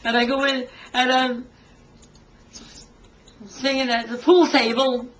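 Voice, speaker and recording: An older woman, a singer, telling a story from her early career in an interview. She is a lively storyteller who acts out what people said and laughs often. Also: high voice, takes it slowly, rough recording. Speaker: singer and tribute artist to a famous rock and roll singer.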